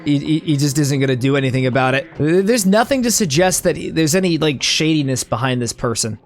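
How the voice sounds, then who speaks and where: A young male streamer riffs through a video game in comedic commentary, stumbling over and repeating his words. His voice swings widely, jumping into loud, high squeals when something surprises him. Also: animated, a little fast, soft background music.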